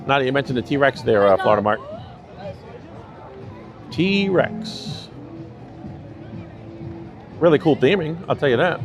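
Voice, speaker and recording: A man's voice: mid-range voice, lively intonation, very fast, hardly any pauses. A man with a New York accent chatting casually on a live stream, rambling and chuckling as he rides through a busy theme park. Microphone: handheld phone while riding a mobility scooter. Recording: noisy crowd and loud music. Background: crowd chatter and park music.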